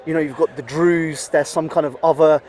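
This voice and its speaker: A man's voice: a little high, fairly even intonation, a little fast, a little mellow. A man talking as a podcast guest in casual conversation, rambling with many fillers and swearing bluntly. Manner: rambling, heavy with "you know" and "like" fillers.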